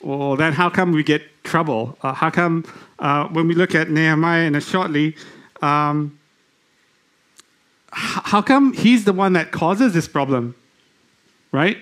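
In a slightly high, somewhat bright voice, a man preaches a church sermon as a lay preacher, questioning the congregation and restarting haltingly. When he reads scripture aloud, he goes slowly.

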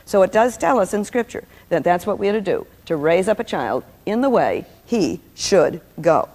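A woman's voice: lowish voice, big pitch swings, moderate pace, a little mellow. An older woman giving an anecdotal teaching talk, telling stories with humor. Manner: storytelling with humor. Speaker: Christian speaker teaching on personality types. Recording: long reverb, old VHS tape.

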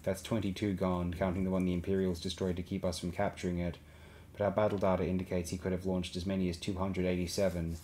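Guarded woman leader choosing her words read by a man, low deep voice, careful. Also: little pitch movement, fast talker, mellow, lightly acted. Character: guarded female leader under pressure.

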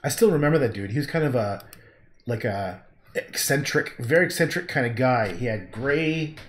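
Brief: Canadian painter on a livestream, loose and rambling, casual swearing, roomy echo. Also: male voice, mid-range voice, animated, normal speed, a bit bright, a little hiss or hum. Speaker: painter streaming his work. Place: art studio. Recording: echoey room.

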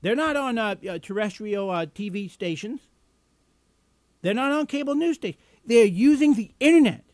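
A man's voice: sits high, animated, normal speed, a little mellow, no room sound. A man hosting a live political internet show, ranting with sarcastic, combative indignation and plenty of fillers. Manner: many fillers and restarts. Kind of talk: political commentary rant.

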